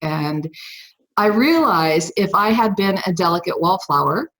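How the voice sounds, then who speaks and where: A woman guest on a podcast, telling her own story in an emphatic, animated way and acting out the dialogue. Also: on the low side, a little slow, low-quality recording. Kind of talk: personal storytelling.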